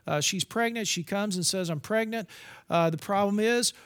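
High-voiced man preaching a confessional sermon. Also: moderate pace, fairly bright tone, clear, resonant tone. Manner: candid, confessional, with restarts and asides.

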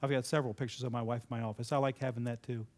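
A man's voice: medium pitch, flat delivery, rapid-fire, darkish tone. A man giving a conversational, sermon-style talk, asking the audience questions and repeating their answers, with sudden emphatic lifts. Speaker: speaker addressing a live audience.

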